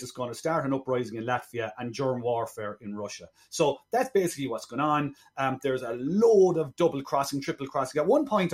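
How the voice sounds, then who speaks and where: A man's voice: mid-range voice, a little mellow. A man co-hosting a film podcast, rambling through a plot retelling in casual review chat.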